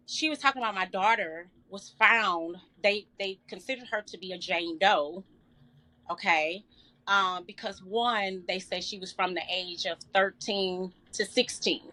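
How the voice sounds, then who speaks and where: A middle-aged woman telling an emotional personal story in an interview, earnest and halting with many fillers. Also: mid-range voice, pushed and bright. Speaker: guest.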